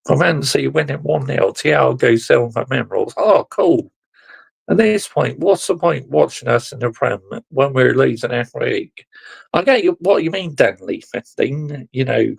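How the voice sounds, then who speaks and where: A man's voice: mid-range voice, lively intonation, normal speed, gravelly, husky. A man ranting as a football fan vlogger, exasperated and sarcastic, swearing and repeatedly addressing his viewers.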